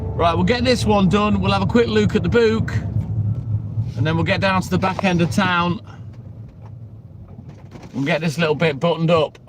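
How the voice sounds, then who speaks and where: A middle-aged milkman talks casually to his live viewers, greeting them one by one and swearing without a second thought. His voice sits high for a man. The road is loud behind him, with engines and street noise always present. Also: normal speed, pauses often. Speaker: milkman livestreaming his delivery round. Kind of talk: casual live-stream chat while working. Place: on the road during a delivery round. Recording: outdoor vehicle noise behind the voice. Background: vehicle and street noise.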